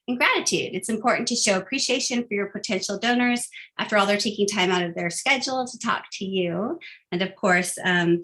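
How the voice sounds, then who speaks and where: A woman's voice: mid-range voice, a bit bright. Upbeat chatty woman trainer. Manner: upbeat, chatty, many fillers. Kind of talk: casual training talk.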